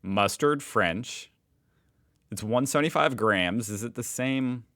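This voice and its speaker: An American man hosts a reaction video, reading posts aloud and responding in a chatty, joking way. His voice is medium in pitch and slow, with a sharp tone and a faint hiss or hum in the background.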